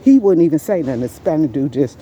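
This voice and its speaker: Woman, storytime vlog, mellow lowish voice, rambling, faint background noise. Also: fast, highs cut off. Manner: animated, jumps much higher in pitch when quoting herself and others; rambling, many fillers and restarts. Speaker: storyteller recounting an incident. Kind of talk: casual first-person storytime.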